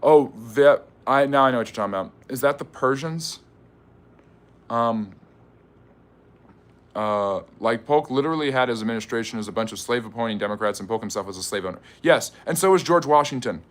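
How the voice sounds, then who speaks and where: A man's voice: medium pitch, animated, fairly quick. A man hosting a live history stream, reading viewer questions aloud and answering them in a chatty way. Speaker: history channel host.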